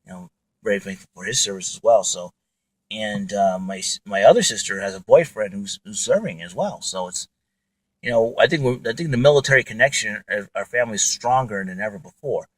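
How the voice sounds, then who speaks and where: A man's voice: lowish voice, fairly quick, no echo, low-quality recording. A man hosting his own podcast, talking alone in a rambling way with many fillers and restarts. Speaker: podcast host. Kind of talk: casual monologue.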